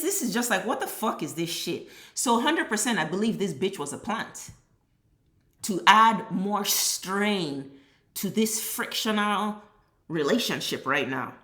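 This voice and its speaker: A woman's voice: mid-range voice, a bit bright. A woman giving a heated, exasperated reaction commentary, cursing freely as she vents. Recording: roomy echo.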